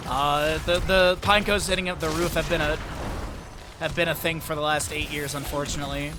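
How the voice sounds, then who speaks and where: An esports caster delivers solo play-by-play from home, a dog in the room and music playing behind him. His voice is a little high, and he rattles off game events quickly, bursting with excitement at the big plays.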